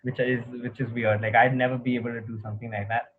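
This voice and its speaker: A man's voice: mid-range voice, level tone, husky. A young man from Bangalore with a light Indian English accent, chatting casually and profanely, full of fillers. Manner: profane, rambling, fast with lots of fillers. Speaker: podcast host. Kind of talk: casual chat. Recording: tinny phone-like line.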